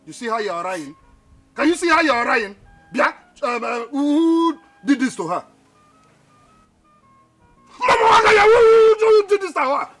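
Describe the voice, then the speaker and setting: An actor with a Nigerian accent playing a hot-tempered young man who stammers and shouts while defending his sister in a film. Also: very high voice, sing-song, unhurried, no echo, faint music behind, full character voice. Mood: angry. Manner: stammering, shouting, repeats words. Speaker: actor playing a protective older brother. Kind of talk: Nollywood film acting.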